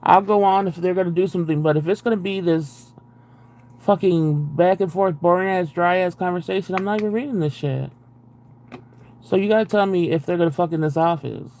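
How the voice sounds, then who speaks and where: Brisk and sitting high, with a darkish tone, this young man's voice reads a book live on stream. Every so often he drops the text for profane, exasperated, sarcastic asides.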